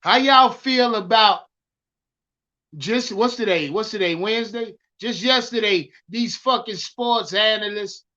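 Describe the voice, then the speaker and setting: A man hosting a live stream, loudly hyped and swearing as he ranted about football and answered his chat. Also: high-pitched, a little slow, muffled recording. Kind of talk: profane live-stream sports rant.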